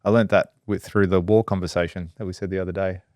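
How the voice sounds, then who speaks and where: A man's voice: deep voice, quick pace, dry recording, clean studio sound. A man, hosting a casual podcast chat, telling stories with lots of swearing and acted-out quotes. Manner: animated storyteller, swears freely, acts out quotes. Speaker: podcast host.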